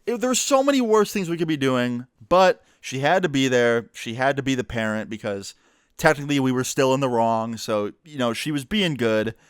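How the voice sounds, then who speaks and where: A young man, a YouTuber, telling a personal story casually, profane and animated, with lots of quoted dialogue. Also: medium pitch, normal speed, clean tone, dry recording, studio quality.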